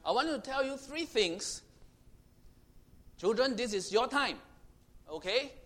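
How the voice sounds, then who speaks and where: High-voiced man preaching a sermon. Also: animated, takes it slowly. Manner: swings from loud proclaiming to hushed intimate tones; repetitive, emphatic phrasing.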